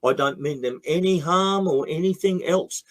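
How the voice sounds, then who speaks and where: A man's voice: fairly high pitch, normal speed. An Australian man, a guest in a heated interview, speaking bluntly and emphatically with frequent swearing.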